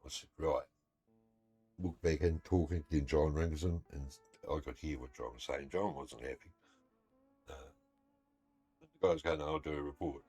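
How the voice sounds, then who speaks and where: Low husky New man telling a story. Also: measured pace, pauses often, mellow, soft background music. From New Zealand. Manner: blunt, swears freely, gets heated retelling a story. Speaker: gaming streamer. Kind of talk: casual storytelling during a live stream.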